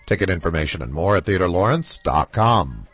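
A man reading a scripted sponsor announcement for public radio in an even, formal announcer style. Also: sits low, a little fast, music in the background. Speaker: underwriting announcer.

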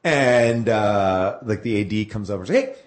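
A man's voice: lowish voice, normal speed, echoey room. A man telling a long anecdote as a guest, rambling with fillers and self-corrections. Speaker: actor telling a story as a guest.

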